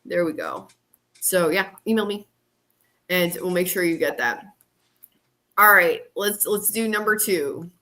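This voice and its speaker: A woman's voice: lowish voice, a little slow, pauses often, sharp tone. A woman moderating and co-hosting a casual livestream, chatty and laughing often.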